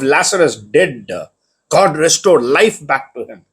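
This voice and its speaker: Preacher, male, husky and slightly high, fervent sermon delivery with frequent restarts. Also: lively intonation, measured pace. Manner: restarts phrases, builds to raised fervent delivery.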